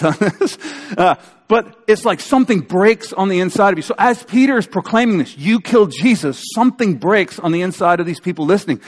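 A man preaching a sermon as a pastor, in a conversational, animated storytelling way with acted-out quotes. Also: on the high side. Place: church sanctuary. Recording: church hall reverb.

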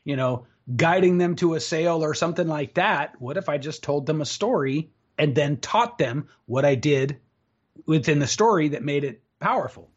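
Male guest, speaking coach, raised pitch, confident storyteller, muffled lo-fi call audio. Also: expressive, normal speed, breathy edge. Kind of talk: casual interview storytelling. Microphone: remote call setup.

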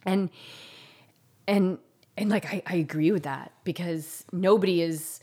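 A woman's voice: fairly low pitch, measured pace, a little mellow, breathy edge. A woman telling a painful personal story in an intense, confessional way, saying "like" often. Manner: intense, confessional, heavy use of "like".

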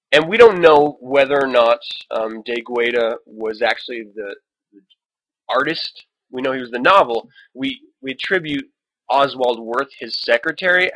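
A man's voice: mid-range voice, expressive, measured pace, fairly bright tone, no echo, rough recording. A man hosting a solo podcast, talking casually, reading book passages aloud and adding wry, profane asides. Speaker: podcast host.

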